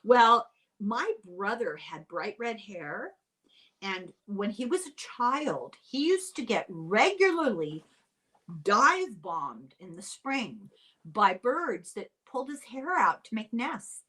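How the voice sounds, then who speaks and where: An older woman from Ireland, hosting a casual podcast chat, animated and quick to laugh. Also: a little high, slightly rough. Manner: chatty and animated, laughs often. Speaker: podcast host.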